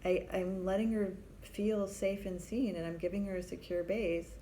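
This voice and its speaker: A woman's voice: mid-range voice, fairly even intonation, normal speed, mellow, a little hiss or hum. A middle-aged woman, a family therapist, telling a personal story in a candid, reflective, conversational way.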